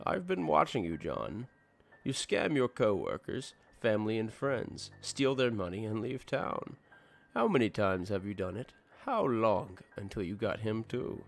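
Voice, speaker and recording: A man voicing a cold, gleeful masked male serial killer who speaks slowly and flatly and turns menacing. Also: fairly low pitch, vocal fry, full character voice. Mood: taunting. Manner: slow, flat and menacing, rising into glee.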